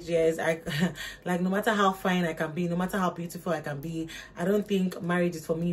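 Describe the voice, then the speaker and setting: A young woman, giving emphatic, repetitive motivational advice to her viewers in a casual vlog. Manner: emphatic, preachy, repeats points, rises in pitch for emphasis. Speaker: motivational vlogger. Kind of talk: casual motivational talk to camera.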